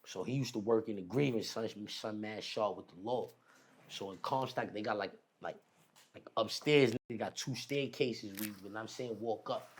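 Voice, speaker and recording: A man telling a long personal story in casual, slangy street talk, animated as he retells it. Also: lowish voice, normal speed, husky. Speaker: podcast guest.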